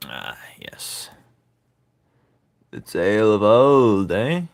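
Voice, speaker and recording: A man's voice: lowish voice, very animated, very slow, gravelly, no echo. A man chatting casually while he draws, playful and giggly, cracking silly jokes. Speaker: artist drawing on stream. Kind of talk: casual chat while drawing.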